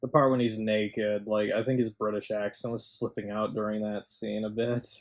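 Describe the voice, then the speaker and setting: A man's voice: on the low side, little pitch movement, moderate pace. A man co-hosting a podcast, chatting casually about a film, rambling, incredulous, swearing and laughing as he goes. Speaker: podcast co-host. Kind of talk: casual film review chat.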